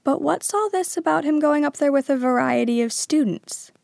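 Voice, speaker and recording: A woman's voice: high voice, normal speed, vocal fry, darkish tone, no room sound, studio quality, pitched above the performer's own voice. A woman voicing a clever, earnest teenage girl witch who explains carefully. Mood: puzzled.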